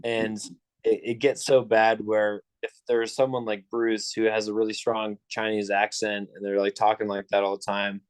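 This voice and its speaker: A man's voice: on the low side, flat delivery, moderate pace, clean tone, dry recording. A young man telling a long story on a casual podcast, rambling with lots of fillers and restarts. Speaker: podcast co-host.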